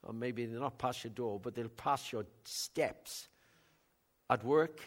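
An older man preaching a sermon in a conversational way, bantering with the congregation, with big swings in loudness. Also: medium pitch, slow. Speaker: pastor.

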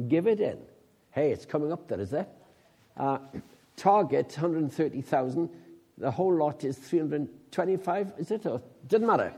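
A man's voice: fairly high pitch, lively intonation, normal speed, vocal fry, pauses often, mellow, husky. A middle-aged man preaching an informal sermon, telling stories and making joking asides to the congregation. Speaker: guest preacher.

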